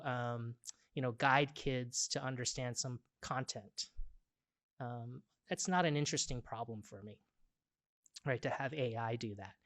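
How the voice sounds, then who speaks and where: A man's voice: mid-range voice, a bit bright, no room sound. Blunt man with a Boston accent. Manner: blunt, emphatic, frequent "right?". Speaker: symposium organizer introducing speakers. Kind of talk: conference talk.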